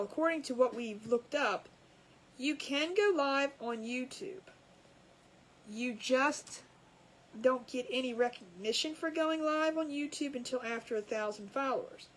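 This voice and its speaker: A high-pitched woman talks casually and without hurry to viewers as she crafts, often laughing at her own jokes. She hosts a crafting livestream, captured in low quality by a camera above her crafting table.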